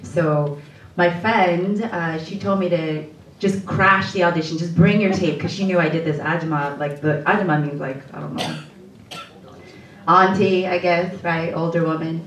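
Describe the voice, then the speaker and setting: An actress on a post-screening panel tells an animated story, laughing and acting out the voices she quotes. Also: fairly low pitch, moderate pace. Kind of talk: storytelling at a live Q&A. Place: screening room before an audience. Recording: roomy hall, distant mic.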